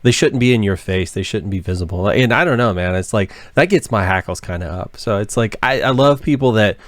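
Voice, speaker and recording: Male host, casual chat, lowish voice, laid-back slang, dry close mic. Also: a little fast, dry recording. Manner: laid-back, talks in loose slangy bursts. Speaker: podcast host.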